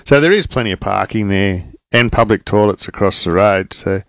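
A relaxed man with a low voice asks curious questions on a radio chat. The sound is dry and close. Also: moderate pace, dry recording. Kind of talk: casual chat.

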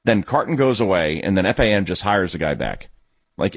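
Husky-voiced man ranting on sports talk. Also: low voice, brisk, no echo. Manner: sarcastic, indignant, animated storytelling. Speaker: youth baseball coach and father. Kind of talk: opinionated sports talk monologue.

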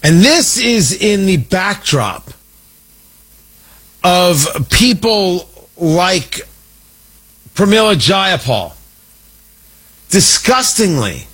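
A man's voice: high voice, very animated, extremely slow, pauses often, fairly bright tone, husky, poor audio. A man hosting an opinion show, talking in an indignant, combative, mocking way. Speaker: political commentator host. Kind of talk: opinion monologue.

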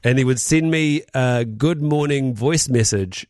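A man's voice: medium pitch, a little slow, darkish tone, dry recording, studio quality. A man co-hosting a radio show in casual banter, teasing and reading listener comments aloud. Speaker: radio co-host.

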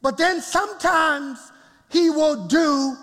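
A man's voice: very high-pitched, slow, fairly bright tone, long reverb tail. A man preaching a sermon as pastor in a church, laughing often and calling out to the congregation.

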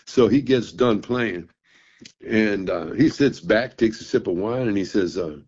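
An older man, a blues musician, telling a story to an interviewer in a halting, casual way with fillers and repeated words. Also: on the low side, a little mellow, slightly rough. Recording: dull, muffled recording.

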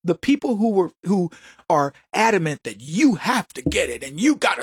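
A man's voice: high voice, big pitch swings, moderate pace, breathy edge, no room sound, studio quality. A man hosting a solo political commentary show, talking in a mocking, jokey way. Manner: mocking, jokey, acts out voices with laughs.

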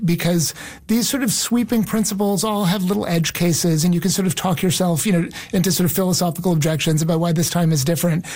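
A man's voice: high-pitched, darkish tone. A man speaking as an expert guest on a panel, explaining fluently with frequent fillers.

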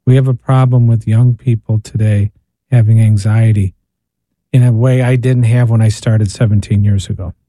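A man's voice: lowish voice, fairly even intonation, normal speed, dark tone, no echo. A man, a priest and spiritual director, speaking earnestly on a radio show and posing rhetorical questions. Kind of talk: radio talk reflection. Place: radio studio.

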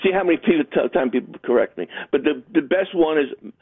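A man's voice: fairly high pitch, lively intonation, fast, husky, dry recording. A man calling in to a radio show, rambling and joking, mimicking other people's voices. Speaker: caller. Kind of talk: call-in radio chat. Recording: tinny phone line.

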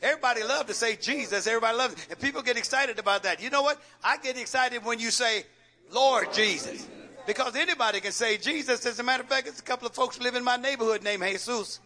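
Male pastor, very high voice, sharp tone, call-and-response sermon with teasing rhetorical questions. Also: fast, few pauses. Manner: preacher's rhetorical questions, coaxing and joking. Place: church sanctuary with congregation.

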